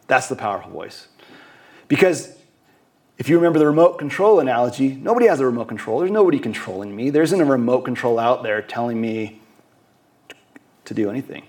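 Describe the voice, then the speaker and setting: A man's voice: medium pitch, lively intonation, brisk, long pauses, darkish tone. Earnest man preaching a sermon. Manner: earnest, repeats words and restarts often; acts out quoted voices briefly. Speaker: guest preacher.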